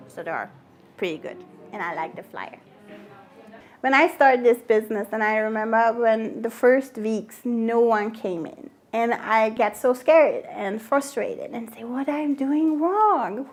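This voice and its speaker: A woman who grew up in Germany and owns a cafe, talking in a documentary interview and acting out quoted dialogue with frequent laughs. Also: a little high. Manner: lively, acts out quoted dialogue, laughs often. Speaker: cafe owner.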